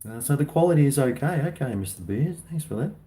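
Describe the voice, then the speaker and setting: A man's voice: mid-range voice, expressive, quick pace, mellow. A middle-aged Australian man chatting casually and rambling on a livestream, reading out viewer comments. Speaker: livestream host.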